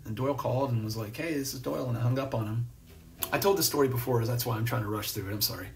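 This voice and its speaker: A man's voice: mid-range voice, racing, far from the mic. A man hosting a casual live stream, reading viewer comments and chatting in a rambling, laid-back way with lots of fillers and restarts. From New Jersey. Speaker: host. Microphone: phone or webcam on a live stream.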